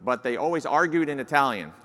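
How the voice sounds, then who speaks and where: A man's voice: mid-range voice, animated, fast, fairly bright tone. A man in his sixties with a New York accent gives a folksy, self-deprecating keynote address as incoming society president, with plenty of uh fillers. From New Jersey, United States. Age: 60s. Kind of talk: conference keynote speech. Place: large conference hall. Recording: large hall with long reverb.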